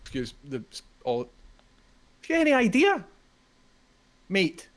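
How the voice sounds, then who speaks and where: A man playing an officious, easily riled head referee, blustering and reading rules out loud. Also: medium pitch, animated, moderate pace, natural voice. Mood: indignant.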